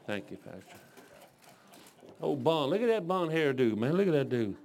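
A man's voice: a little high, big pitch swings, normal speed, darkish tone. A man in his sixties from Detroit, preaching a folksy sermon full of rambling, joking stories. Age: 60s.

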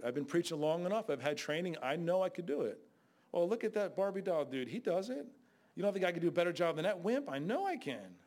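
A man preaching a sermon in a blunt, conversational way, with sudden outbursts. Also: a little high.

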